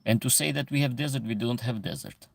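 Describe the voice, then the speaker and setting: A man's voice: mid-range voice, lively intonation, brisk, creaky. A man from Epirus, hosting a casual livestream and explaining at length as he answers viewer questions from the chat.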